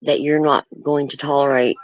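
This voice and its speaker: A livestream host in casual talk, speaking earnestly and firmly about setting boundaries, halting often with ums and restarts. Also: mid-range voice, little pitch movement, dry recording. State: nervous. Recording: dull lo-fi stream audio.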